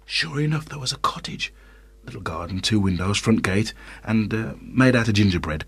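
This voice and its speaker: A man's voice: fairly low pitch, animated, normal speed, breathy edge, no echo. A man narrating a children's story, with playful, wry asides to the listeners.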